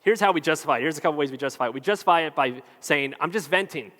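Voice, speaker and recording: A man's voice: fairly high pitch, very fast, fairly bright tone. A man preaching a casual, joking sermon as a pastor. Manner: conversational, jokey, acts out quoted voices. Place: church hall with long reverb. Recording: reverberant church hall.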